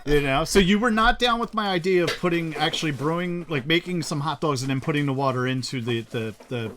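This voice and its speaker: A man's voice: a little high, fairly quick, crowd noise. A man co-hosting a casual podcast chat, joking and laughing often. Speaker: podcast co-host. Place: record garage.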